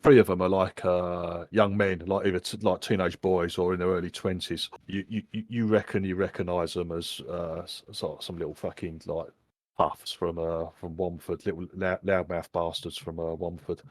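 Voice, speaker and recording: A man running a tabletop game as game master, talking in halting bursts with many restarts and casual swearing. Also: low-pitched, flat delivery, dry recording.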